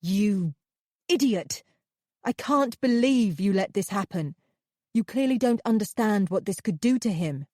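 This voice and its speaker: Woman narrator doing an indignant woman therapist, sharp outbursts, mellow low voice, dry close sound. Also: animated, normal speed, no echo. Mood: furious. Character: indignant woman therapist defending her patient.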